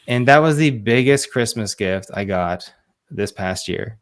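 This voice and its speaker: A man's voice: fairly low pitch, expressive, measured pace, clean tone. Earnest man telling a heartfelt story. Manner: earnest, emphatic, quotes others in dialogue. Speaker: guest, fatherhood coach. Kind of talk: podcast interview storytelling.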